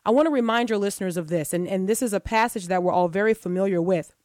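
A woman's voice: medium pitch, quick pace, a little mellow, no echo, studio quality. A woman from the United States, a guest on a Christian radio talk show, speaking in an earnest, preaching cadence.

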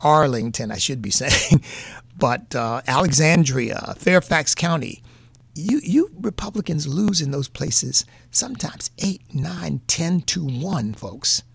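Gravelly earnest man with a New England accent. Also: on the high side, expressive, slow pace, dry recording. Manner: earnest, folksy, repeats points for emphasis. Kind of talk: political commentary monologue.

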